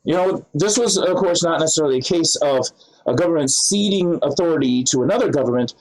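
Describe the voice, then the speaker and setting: A man's voice: fairly high pitch, lively intonation, fast talker, a little mellow, low-quality recording. A man talking casually to the camera in a rambling way, with many fillers and restarts. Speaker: vlogger. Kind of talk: casual monologue.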